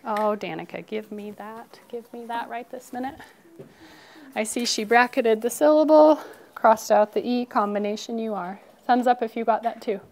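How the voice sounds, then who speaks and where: A woman teacher running a phonics lesson in a classroom, brisk and encouraging, calling out words and praising pupils, sometimes dropping to a hushed whisper for one child. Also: on the high side.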